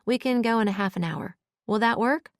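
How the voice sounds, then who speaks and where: A woman voicing a brisk, friendly young female assistant who talks quickly and practically. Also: on the high side, no echo, studio quality, lightly acted.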